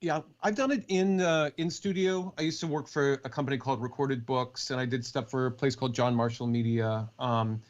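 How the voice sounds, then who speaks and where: A man with a mid-pitched voice, chatting as an audiobook narrator on a podcast. He talks in an easygoing way and laughs often. His audio sounds dull and lo-fi. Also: a little fast, hardly any pauses. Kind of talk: casual interview chat.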